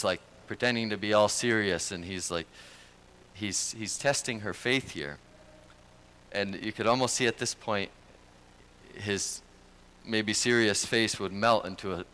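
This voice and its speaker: A male pastor delivers a sermon at an unhurried, deliberate pace. His voice is lower-pitched for a man yet bright and forceful in tone. He preaches in an earnest, conversational manner.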